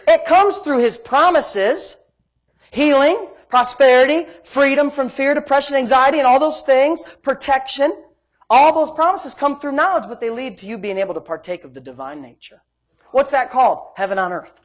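A woman preaching a sermon, swinging between loud emphasis and hushed asides, telling homey stories with laughter. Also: high voice, normal speed.

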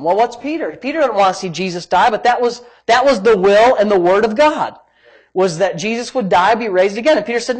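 A man's voice: high-pitched, animated, brisk, slightly rough. A man pastor preaching a sermon in an emphatic, exclamatory way.

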